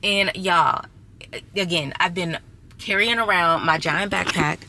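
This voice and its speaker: A woman's voice: on the low side, a little slow, sharp tone, a little hiss or hum. A young adult woman vlogging casually to her viewers, chatty and exasperated as she talks to them as y'all. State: six months pregnant. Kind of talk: casual storytelling vlog.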